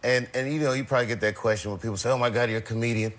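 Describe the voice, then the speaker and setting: A man's voice: medium pitch, fairly even intonation, racing, fairly bright tone. A man telling comic stories as a talk show guest, laughing often and acting out other people's voices. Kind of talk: comic storytelling. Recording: noisy broadcast clip.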